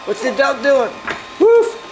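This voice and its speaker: A woman's voice: mid-range voice, animated, measured pace. A woman giving playful, exclaiming commentary while filming her pets at home. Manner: playful, exclaiming, teasing pets, barking woofs. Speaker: pet owner filming her kitten. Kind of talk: casual home-video commentary. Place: holiday home, indoors. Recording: echoey room with clear background noise.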